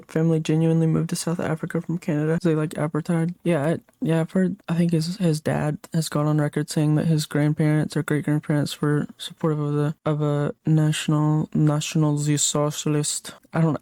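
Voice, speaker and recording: Flat-toned young streamer, dry close sound. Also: mid-range voice, no room sound. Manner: rambling, reads chat comments aloud and answers them. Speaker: livestreamer. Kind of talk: casual late-night livestream chat while gaming.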